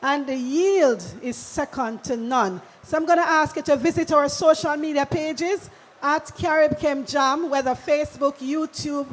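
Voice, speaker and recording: High-voiced Jamaican woman in a hall. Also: unhurried. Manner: chatty, stumbling over words. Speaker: company representative. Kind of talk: product promotion at live event. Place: large conference hall. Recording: echoey hall with faint noise.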